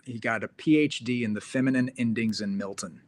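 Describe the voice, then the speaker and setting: A man's voice: mid-range voice, fairly quick, dry recording. A male host in casual chat, telling a rambling story with plenty of fillers.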